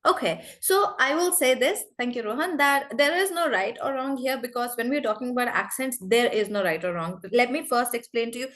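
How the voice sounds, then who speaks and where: A woman in her forties from India, teaching an online spoken English class over a video call in a lively, encouraging way. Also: fairly high pitch, a little fast, hardly any pauses. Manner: lively, encouraging, addresses students often.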